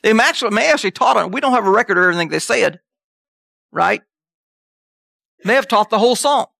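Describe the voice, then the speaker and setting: A man preaching an animated sermon who reads scripture aloud and jumps into high voices for emphasis. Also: quick pace, creaky, no room sound, clean studio sound.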